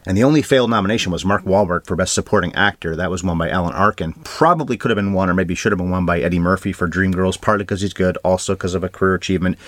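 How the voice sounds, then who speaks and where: Male podcast co-host, low register, rapid and dry, stat-heavy film talk. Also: fairly bright tone, no echo. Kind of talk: casual film review chat.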